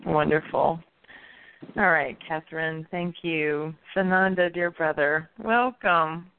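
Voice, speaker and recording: A woman's voice: sits low, steady tone, slow. A woman hosting a spiritual chat, welcoming guests with brief, encouraging remarks. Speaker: host. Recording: tinny noisy call line.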